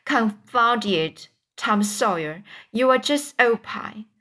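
A woman's voice: fairly high pitch, animated, takes it slowly, sharp tone, heavily acted. A woman voicing Huck, a timid, superstitious boy whispering in fear in a storybook reading. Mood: fearful. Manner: fearful whispering.

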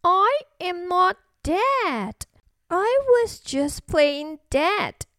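A woman's voice: very high voice, big pitch swings, extremely slow, fairly bright tone, no echo, clean studio sound, voice pushed up, exaggerated voice. A woman voicing a cheerful, giggly little boy possum in a children's storybook reading, speaking chirpily. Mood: friendly. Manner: chirpy, gleeful.

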